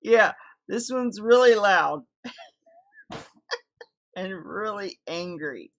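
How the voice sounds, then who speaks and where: Unhurried woman narrating over clips, easygoing and chatty. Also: medium pitch, rough recording. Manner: relaxed, chatty, devout asides. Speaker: video commentator. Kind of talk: casual commentary over footage.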